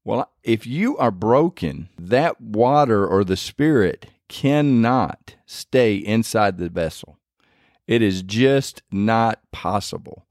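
A man's voice: lowish voice, animated, takes it slowly, a little mellow, no echo, clean studio sound. A man hosting a faith podcast, telling his testimony in an earnest, rambling way with many restarts. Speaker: podcast host.

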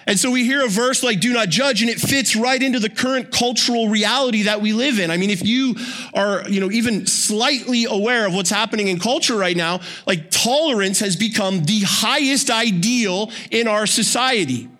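Man, pastor's sermon, high voice, forceful, chatty with jokes and asides. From Canada. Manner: conversational and joking, with quick asides.

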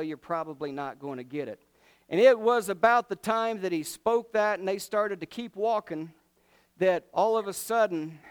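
Animated preacher man with a bright, resonant voice. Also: sits high, smooth. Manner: animated storytelling, acting out voices of biblical figures. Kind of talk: sermon.

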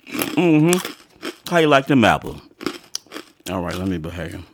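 A man's voice: low-pitched, big pitch swings, noisy background. A man hosting a podcast in a casual, rambling way, talking while chewing, just home from work and hungry. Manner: slow, rambling, talks while chewing and eating. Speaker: podcast host. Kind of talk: casual chat.

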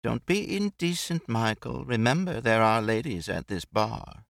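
A man voicing a poised, teasing woman who talks in a brisk, dry, mocking way. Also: mid-range voice, expressive, vocal fry, fairly bright tone, dry recording, pitched above the performer's own voice.

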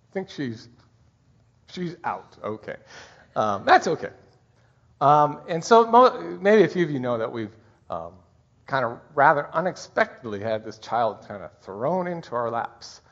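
A middle-aged man preaching a Christmas sermon as pastor, heartfelt and halting, his voice catching with emotion. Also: medium pitch, big pitch swings. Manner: heartfelt, halting, tearful at times. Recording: dull muffled recording.

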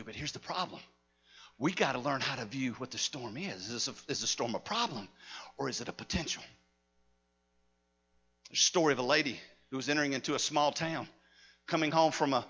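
A man preaching a sermon as pastor, telling a story dramatically and swinging from shouts to near-hushed lines. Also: fairly high pitch. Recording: dull lo-fi sound with long hall reverb.

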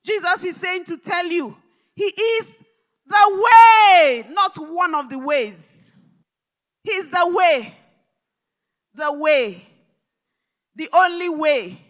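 A woman preacher delivering a live church sermon, fervent and repetitive, rising to shouted declarations. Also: high-pitched, animated, slow pace, long pauses. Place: large church hall service.

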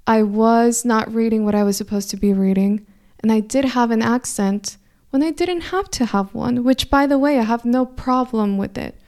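Smooth-voiced woman with slight Mexican Spanish accent. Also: on the high side, normal speed, darkish tone. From California. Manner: earnest, thoughtful, frequent restarts. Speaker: speaker. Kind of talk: reflective motivational storytelling.

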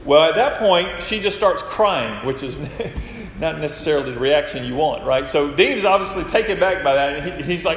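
A man's voice: fairly high pitch, expressive, moderate pace, hardly any pauses, a bit bright. A man preaching a sermon, retelling stories and acting out the quoted lines. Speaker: pastor. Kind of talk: sermon with storytelling. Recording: echoey hall with faint noise.

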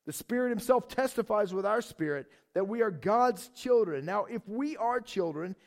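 High-voiced man preaching a casual sermon. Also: moderate pace, vocal fry. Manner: conversational, animated, asks the congregation questions. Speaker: pastor.

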